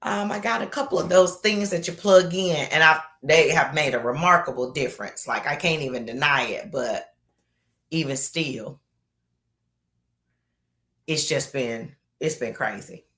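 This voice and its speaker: Chatty woman pastor, lively livestream host. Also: low voice. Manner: animated, drawn-out emphasis, calls people baby. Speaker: pastor hosting an online Bible study. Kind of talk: casual livestream chat, reading comments.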